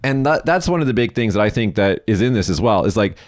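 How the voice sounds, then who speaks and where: Man, podcast co-host, animated profane storyteller, dry close sound. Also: fairly low pitch, fast, dry recording. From United States. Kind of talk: casual podcast chat.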